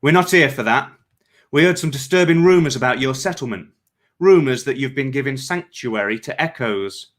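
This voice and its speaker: A man's voice: mid-range voice, normal speed, fairly bright tone, voice pushed up, natural voice. A man reading fiction aloud and voicing a male patrol soldier, sneering and threatening at first, then stammering and frantic. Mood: menacing. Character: arrogant male patrol soldier turned panicked.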